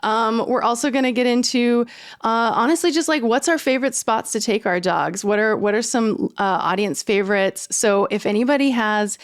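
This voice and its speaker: A woman's voice: on the high side, normal speed. A woman producer co-hosting a local podcast, earnest and chatty, with many ums and uhs. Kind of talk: casual show announcement.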